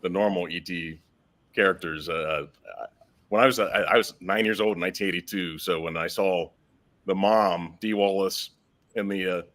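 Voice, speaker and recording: A man in his fifties with a very low voice talks in a loose, halting way. He repeats himself as he feels for the next phrase, like someone chatting among friends. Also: steady tone, a bit bright. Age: 50s. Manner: halting, repeats words while searching. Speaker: panel guest. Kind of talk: casual group chat.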